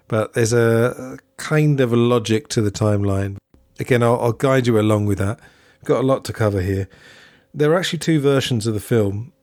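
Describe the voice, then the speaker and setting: A man's voice: fairly low pitch, a little mellow, dry recording, clean studio sound. A man hosting a solo podcast, talking in a chatty, digressive way and often correcting himself. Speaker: podcast host.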